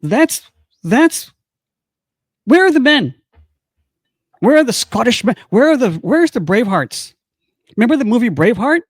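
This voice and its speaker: Older man, podcast co-host, impassioned, rhetorical, high-pitched, dry close mic. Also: sing-song, moderate pace, long pauses, no echo. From United States. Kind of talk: casual podcast chat.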